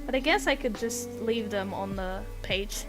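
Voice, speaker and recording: A woman's voice: medium pitch, moderate pace, over music, rough recording. A woman chatting casually on a stream call, hesitant and often repeating her words.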